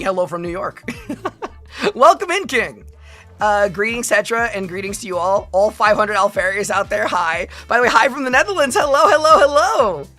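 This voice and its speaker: A woman VTuber chatting casually on a live stream. She reads out viewer comments in an animated, rambling way and is quick to laugh. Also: mid-range voice.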